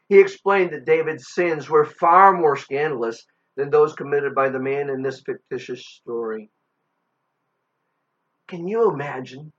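A man preaching a sermon, telling a Bible story with dramatic pauses and strong emphasis. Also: a little high, fairly bright tone. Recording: dull lo-fi recording.

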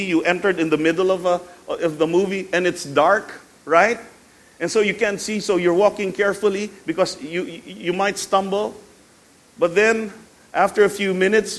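Filipino-accented male pastor, sermon delivery, slightly high pitch, dramatic loud-soft swings. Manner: dynamic preaching with big swings between loud and hushed; mixes English with Tagalog phrases.

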